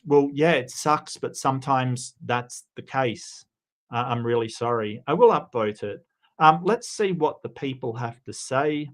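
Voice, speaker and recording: Chatty Australian man hosting a stream. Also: a little high. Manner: chatty, frequent restarts and fillers, greets viewers by name. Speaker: livestream host. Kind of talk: casual livestream commentary.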